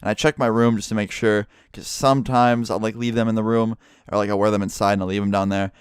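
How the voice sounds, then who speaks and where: A man's voice: lowish voice, quick pace, smooth, no room sound, studio quality. Profane young man telling a story. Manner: profane, animated storytelling with acted quotes. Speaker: YouTuber. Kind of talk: casual storytime vlog.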